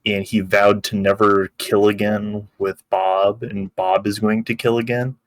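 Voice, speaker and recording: A man's voice: lowish voice, little pitch movement, unhurried, dry recording. A man co-hosting a podcast, recapping an episode in loose, joking, profane chat. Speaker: podcast co-host.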